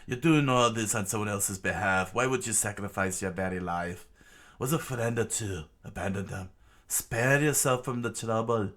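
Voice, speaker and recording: A man's voice: on the low side, moderate pace, fairly bright tone, natural voice. Crocodile, a sneering villain read by a man. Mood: scornful. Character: scornful male villain, cold and dismissive.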